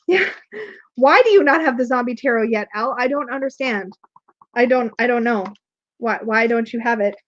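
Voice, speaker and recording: Excitable woman stream host, high, gushing, dull lo-fi audio. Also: normal speed. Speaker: tarot reader and live stream host. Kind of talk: casual live stream chat.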